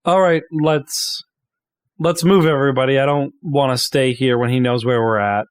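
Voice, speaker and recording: A man's voice: mid-range voice, fairly even intonation, normal speed, smooth, no room sound, studio quality. A man playing a tabletop game, talking directly and taking charge of the group. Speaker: player.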